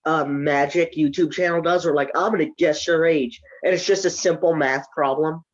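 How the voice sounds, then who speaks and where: A man's voice: a little high, fairly even intonation, normal speed. A teenage boy with a stuffy nose, co-hosting a casual podcast and joking with a friend. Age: teens. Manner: joking, giggly, mock-whispered bits. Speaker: podcast co-host. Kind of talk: casual chat. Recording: dull lo-fi home recording.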